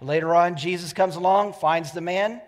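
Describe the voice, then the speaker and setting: A man's voice: sits high, moderate pace. A man preaching a sermon in a conversational way, acting out characters when he tells stories. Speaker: pastor. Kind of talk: sermon with joke telling. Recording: long hall reverb.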